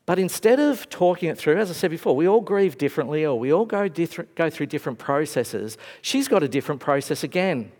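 A man preaching a sermon to a congregation, reflective and conversational, his voice dropping to a hush and then lifting again. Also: fairly high pitch, sing-song, fairly quick, few pauses. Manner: reflective, swings between raised and hushed voice. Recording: long hall reverb.

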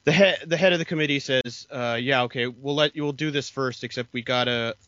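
Man retelling a show, bright tone, dull dry recording. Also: mid-range voice, fairly quick, no echo. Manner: explanatory, retells scenes with quoted lines. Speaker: podcast co-host. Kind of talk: casual chat recapping a TV episode.

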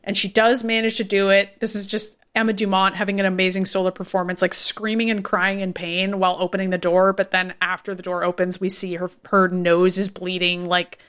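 A woman co-hosting a podcast, recapping a TV episode in casual chat, animated and emphatic, swearing casually. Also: medium pitch, fairly quick, hardly any pauses, clear, resonant tone. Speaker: podcast co-host.

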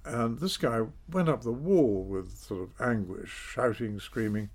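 An older man, telling his story in a measured, self-deprecating way in an interview. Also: mid-range voice. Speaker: interview guest, former politician. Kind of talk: reflective storytelling.

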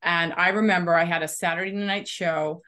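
A woman's voice: lowish voice, steady tone, normal speed, sharp tone. A woman co-hosting a podcast, interviewing a guest in a friendly, casual chat. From Philadelphia area. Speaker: podcast co-host.

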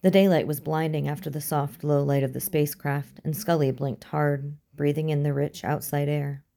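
A woman reading a story aloud as narrator, in a steady, even manner. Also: low-pitched, moderate pace, gravelly. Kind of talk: audiobook narration.

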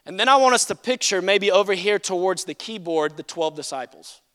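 Animated high-voiced male pastor preaching. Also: fairly quick, clean tone. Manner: animated and humorous, swinging from loud declarations to quiet asides; acts out voices in quoted speech. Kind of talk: sermon.

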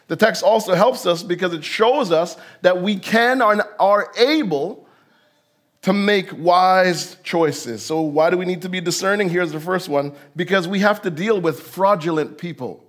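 Male pastor, high-pitched, conversational sermon delivery that slips into the voices of the people he quotes. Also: measured pace. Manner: conversational preaching that acts out the voices in the text.

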